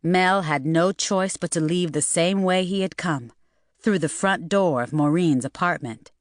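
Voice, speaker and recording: A woman narrating an audiobook in a steady, even reading voice. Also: on the low side, a little slow, dry recording, clean studio sound. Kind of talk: scripted narration.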